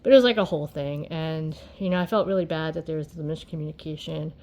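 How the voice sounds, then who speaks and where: A woman's voice: deep voice, fast, warm tone. A tired woman chatting casually as a vlogger while she crochets, rambling and filling her talk with "you know" and "um".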